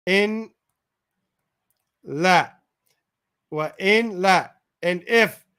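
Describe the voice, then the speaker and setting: A man's voice: sits high, sharp tone, clean tone. Man teaching a verse-by-verse Quran lesson. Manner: reads each Arabic phrase, then glosses it in English; pauses to self-correct and check grammar aloud. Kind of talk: word-by-word Quran translation lesson.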